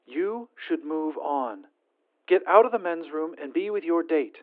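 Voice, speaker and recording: A man voicing an exasperated young woman talking to her ex on the phone, clipped and flat, through a phone filter. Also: fairly high pitch, measured pace, pitched above the performer's own voice. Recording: tinny phone-line sound.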